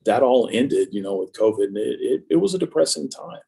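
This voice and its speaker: A man's voice: medium pitch, lively intonation, a little fast, gravelly, warm tone, breathy edge, poor audio. A man in his fifties, a guest in a casual interview, telling stories about his life with a self-mocking, joking humor. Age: 50s. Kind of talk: casual conversation.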